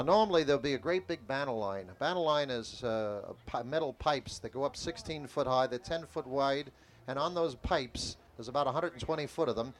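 An older man demonstrating a carnival sideshow talker's pitch, with booming, rhythmic showman patter. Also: a little hiss or hum. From California.

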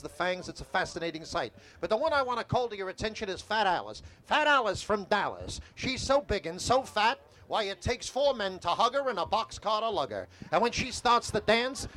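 An older man from California works a crowd as a carnival sideshow talker, his voice sitting high for a man. His patter is booming, rhythmic and theatrical, a showman's spiel delivered live. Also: a bit bright. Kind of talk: live demonstration of a sideshow pitch.

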